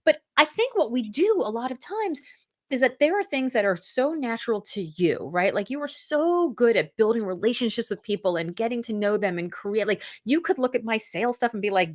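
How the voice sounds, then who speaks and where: A woman's voice: on the high side, a little fast. A middle-aged woman, an author guest in a casual interview, telling stories and acting out the lines of other people. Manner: animated storytelling, acts out quotes.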